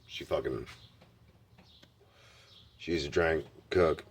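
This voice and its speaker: A man's voice: a bass voice, takes it slowly, very noisy. A man telling candid personal stories in a blunt, heavily profane way. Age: adult. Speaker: vlogger.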